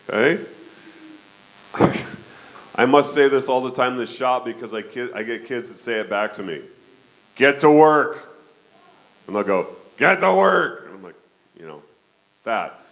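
A man in his fifties preaching a conversational sermon, often checking in with his listeners with a quick "okay?". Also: mid-range voice, a bit bright, low-quality recording. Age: 50s. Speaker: pastor.

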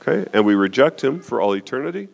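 A man's voice: mid-range voice, animated, quick pace, gravelly. A man preaching a sermon, explaining scripture with rhetorical questions and frequent check-ins with his listeners. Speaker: pastor.

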